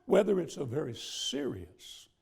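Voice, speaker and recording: A middle-aged male preacher with a heavily gravelly, mellow voice pitched a little high for a man. He tells a long personal story from the pulpit in a relaxed, folksy manner, pausing often as he goes. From southern United States. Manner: folksy, conversational storytelling with many pauses. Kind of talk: storytelling sermon. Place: church sanctuary.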